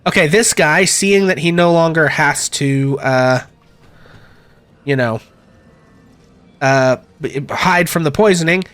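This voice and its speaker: A man runs a tabletop game as game master, talking loosely with lots of fillers. His voice sits a bit high, and he stays relaxed throughout. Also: slow pace, pauses often, faint music behind. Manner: relaxed, many fillers, chuckling.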